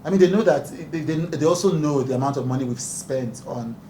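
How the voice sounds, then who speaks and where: A man's voice: on the high side, a little fast, warm tone. A man, a talk show host speaking earnestly and emphatically at a press conference, often breaking into laughter. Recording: echoey room, distant mic, background noise.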